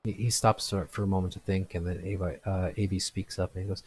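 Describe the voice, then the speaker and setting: A man narrating a tabletop game as game master, describing scenes in a halting, descriptive way. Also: low-pitched, little pitch movement, darkish tone, slight background noise.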